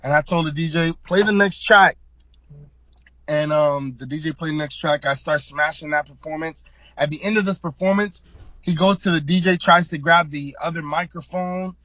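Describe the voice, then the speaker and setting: A young man from South Florida recounts a story in casual, slang-heavy talk, punching key words with emphasis. His voice sits a little higher than most men's. The sound is dull and bone-dry, as if recorded on modest gear in a deadened room. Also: steady tone, a little fast, fairly bright tone, no room sound. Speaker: guest, hip hop artist.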